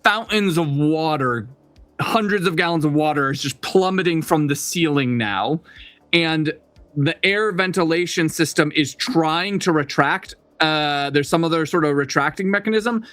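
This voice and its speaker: A man's voice: fairly high pitch, normal speed, fairly bright tone, no echo, soft background music. A man running a tabletop game as game master, describing scenes with many fillers and restarts.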